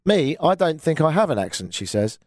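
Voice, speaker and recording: A man's voice: a little high, big pitch swings, fairly quick, darkish tone, dry recording, studio quality. An English man hosting a call-in radio show, chatting in a wry, joking way and reading texts aloud. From England. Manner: wry, joking, self-mocking.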